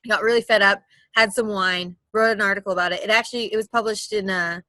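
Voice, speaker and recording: Guest: young woman, bright voice, quick chatty storyteller, dry close sound. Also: medium pitch, no room sound, poor audio. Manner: animated, rapid, many fillers. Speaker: travel blogger guest. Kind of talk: casual interview storytelling.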